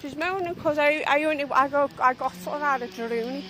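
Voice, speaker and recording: Woman, young adult, high-pitched, agitated, swearing, vlog rant, noisy outdoor traffic. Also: quick pace, sharp tone. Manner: agitated, swearing, retelling an argument. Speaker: tour guide vlogger. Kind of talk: ranting vlog monologue.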